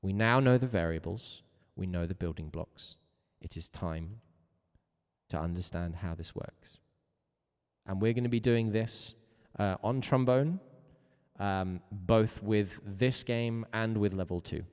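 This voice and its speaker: A man's voice: fairly low pitch, measured pace, darkish tone, smooth, in a large hall. A man teaching an online music lesson, enthusiastic and coaxing, asking his learners again and again if they are ready.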